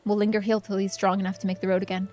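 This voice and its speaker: A woman's voice: mid-range voice, little pitch movement, very fast, a little mellow, natural voice. A woman voicing a stern, protective male rebel captain, reading game dialogue aloud.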